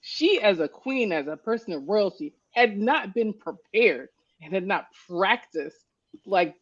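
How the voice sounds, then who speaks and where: A woman co-hosting a casual chat, expressive and fond of acting out quotes. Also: mid-range voice, measured pace. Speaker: podcast co-host. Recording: dull lo-fi stream audio.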